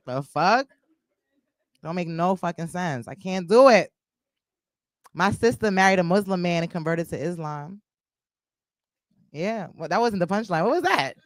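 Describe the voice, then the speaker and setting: A woman's voice: mid-range voice, a bit bright, no room sound. A woman doing a stand-up comedy set on a club stage, crude and loose, teasing the crowd, with a New York accent.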